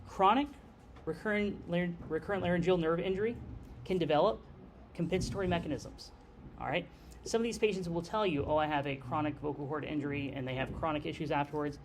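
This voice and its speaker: A man's voice: a little high, a little hiss or hum. A man giving a lecture on airway anesthesia in a conversational way, often checking in with the class by asking "okay?". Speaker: nurse anesthesia instructor.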